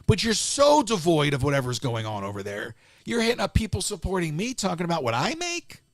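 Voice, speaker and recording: A man's voice: a little high, wildly swooping pitch, fairly quick, no room sound, clean studio sound. A man hosting a live stream, ranting casually in an exasperated way and restarting his sentences often.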